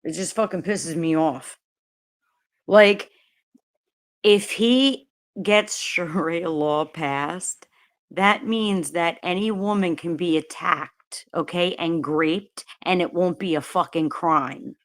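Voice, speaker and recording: A woman's voice: on the low side, slow pace. A woman hosting a casual livestream, ranting angrily and swearing, repeating herself often. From New Jersey, USA. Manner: angry, profane, repeats herself. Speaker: livestream host.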